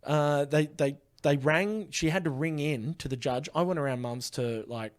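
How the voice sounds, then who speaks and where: A man's voice: fairly high pitch, normal speed. A man who is a comedian guest on a podcast, telling a story in casual chat with frequent laughs and swearing.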